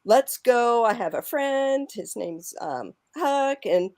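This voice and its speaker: A woman on a live stream as the guest's wife, telling a story in a relaxed, lively way. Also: fairly high pitch, slow. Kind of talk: casual storytelling on a video call.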